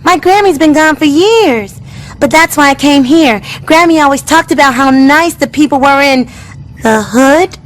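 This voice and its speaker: An actress voicing a polite, well-spoken young homeless girl in an animated sitcom. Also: sits high, moderate pace, close to an everyday voice, poor audio. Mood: gentle.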